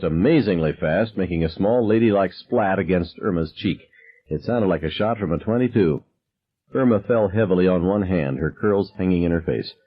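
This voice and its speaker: A man reading a novel aloud as narrator, calm and measured, dropping low on dialogue tags. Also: slightly rough, phone-quality sound. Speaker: audiobook narrator. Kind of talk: scripted narration.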